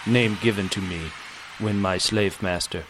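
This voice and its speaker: A man plays a stern soldier who has lost his manhood, speaking halting broken English in the third person with a low, level voice. He is deadpan and blunt in a comedy sketch. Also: noisy background.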